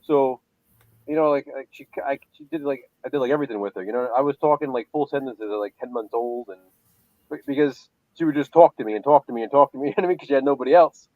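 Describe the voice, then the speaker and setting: A man's voice: medium pitch, fast, no echo. Guy in his 30s rambling through stories on a live show, dry muffled mic. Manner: crude joking, rambling storyteller. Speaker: podcast co-host. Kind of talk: casual chat.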